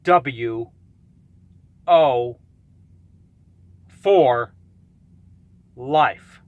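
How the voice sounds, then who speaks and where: A man's voice: medium pitch, very slow, no echo, phone-quality sound. Blunt, profane man ranting dry. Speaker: YouTuber calling out a rival. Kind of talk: ranting vlog.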